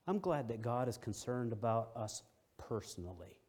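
A middle-aged man preaching a sermon, explaining a verse word by word. He stresses and repeats key phrases, and his voice swings between loud and soft. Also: medium pitch, animated, normal speed.

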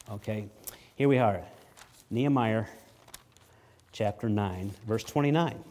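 A middle-aged man delivers a sermon in an expressive preaching manner. He reads scripture with rising force and lowers his voice for the asides. His voice sits at an ordinary middle pitch. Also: normal speed, pauses often. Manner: expressive preaching, rises loud on scripture readings, drops low on asides. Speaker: pastor.

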